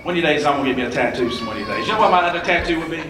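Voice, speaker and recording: A young male preacher reading scripture aloud in a sermon, halting often with filler sounds. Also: on the high side, animated, background noise. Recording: echoey room, mic at a distance.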